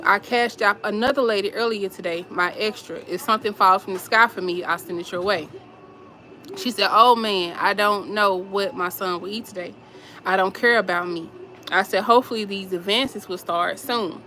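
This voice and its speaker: A woman's voice: medium pitch, sharp tone, a little hiss or hum, rough recording. A woman vlogger, telling viewers about strangers asking her for help, emotional and rambling, repeating herself. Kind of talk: casual storytelling to viewers.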